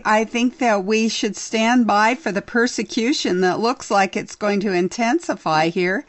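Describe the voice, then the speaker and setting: A woman's voice: on the high side, no room sound. A woman hosting a political talk radio show, talking earnestly with her guest.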